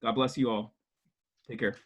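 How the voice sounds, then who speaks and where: A man's voice: mid-range voice, little pitch movement, moderate pace, breathy edge, highs cut off. Friendly male podcast host. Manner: friendly, wraps up with thanks and blessings. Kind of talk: casual podcast hosting.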